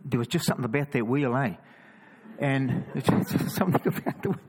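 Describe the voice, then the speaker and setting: A man with a New Zealand accent tells stories in a relaxed, chatty way. His voice sits at an ordinary middle pitch. He often trips over his words and repeats them, then adds a quick "you know what I mean" aside. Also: poor audio. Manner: lively, stumbling restarts, chatty asides. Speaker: cross-carrying Christian walker. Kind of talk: casual storytelling testimony.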